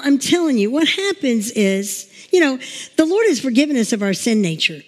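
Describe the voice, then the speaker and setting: A woman's voice: fairly high pitch, animated, brisk. A woman pastor giving a chatty, emotional sermon, telling stories and laughing along the way. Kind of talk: informal sermon with storytelling. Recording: long reverb in a large room.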